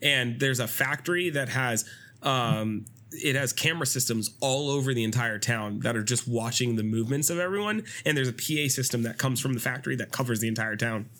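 A man on a podcast casually retelling a movie plot, swearing freely and jumping into high, silly voices for the characters. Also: fairly quick. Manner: animated storytelling with swearing, doing high-pitched quoted voices and laughing. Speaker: podcast co-host.

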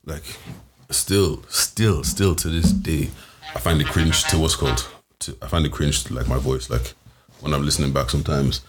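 A man's voice: rumbling low, fairly even intonation, moderate pace, heavy background noise. A man co-hosting a podcast in casual chat, rambling with lots of fillers and restarts. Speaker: podcast co-host.

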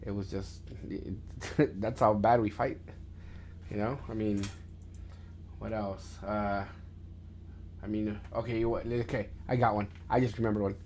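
A man hosting a podcast with his son, telling stories in a loose, rambling way with many restarts and plenty of swearing. He gets loud and animated when he reaches the fights. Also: fairly low pitch, unhurried, long pauses, a little hiss or hum. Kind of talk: casual storytelling chat.

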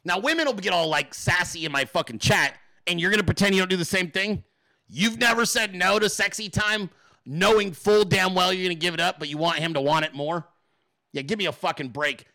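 A man hosting a live show, ranting without a script to his chat, swearing constantly and acting out quotes in exaggerated high voices. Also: fairly quick, bright, forceful tone, dry recording, studio quality. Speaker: livestream host. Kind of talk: profane unscripted rant to a live chat.

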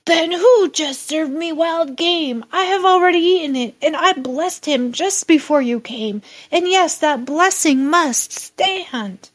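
A woman reading the lines of an aged father bestowing a blessing, in a heightened, expressive storybook reading. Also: sits high, a little slow, pitched above the performer's own voice. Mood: shaken.

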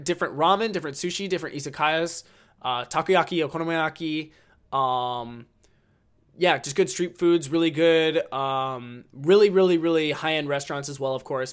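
A man's voice: fairly high pitch, brisk, fairly bright tone, clean tone. A man hosting a casual solo podcast, rambling enthusiastically with lots of ums and likes. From United States. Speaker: podcast host.

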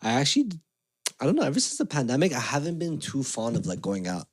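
A man hosts a relaxed podcast chat, spinning stories in slang and acting out what others said. His voice sits mid-range and the sound is dry and close. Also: mid-range voice, quick pace, breathy edge, dry recording. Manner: animated storyteller, slangy, acts out quotes. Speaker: podcast host.

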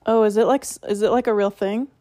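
A woman's voice: mid-range voice, steady tone, dark tone, no echo, studio quality. A woman co-hosting a podcast in casual chat, talkative and laughing easily. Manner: chatty, laughs often, quick asides. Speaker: podcast co-host.

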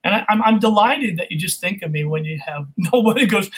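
A man who coaches voice work, chatting as a guest on a video call, animated and quick to laugh. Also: sits high, husky, rough recording. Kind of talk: casual video call chat.

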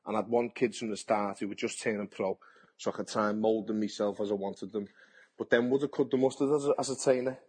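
Speaking fast with a steady tone, this boxer from England has a fairly low, slightly mellow voice with a breathy edge. He's a TV pundit giving a casual interview, blunt and talkative, and frequently repeats himself.

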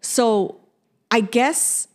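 Animated woman telling a story. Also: on the high side, very slow. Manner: animated storyteller, acts out voices. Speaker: podcast co-host. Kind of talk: casual chat.

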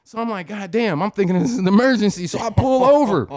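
A man's voice: sits high, fast talker, darkish tone, no echo, clean studio sound. A married man telling a rambling, profane story in casual chat, acting out his own reactions as he goes. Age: adult, married.

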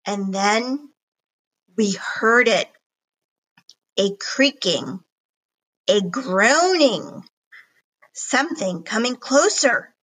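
A woman reading a children's chapter book aloud in an expressive storybook narration. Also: fairly high pitch, very slow, long pauses, slightly rough, rough recording. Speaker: reader.

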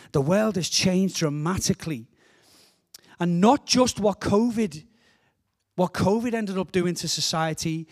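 An earnest, fervent middle-aged man from England, preaching as a guest speaker in a church. His voice sits a little higher than most men's. He often repeats words as he builds toward a point. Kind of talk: sermon.

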